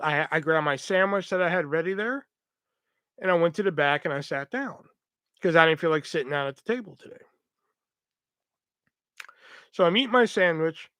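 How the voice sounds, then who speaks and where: A man hosting a podcast, telling a story in a casual, profane and animated rambling way. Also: high-pitched, no echo. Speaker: podcast host.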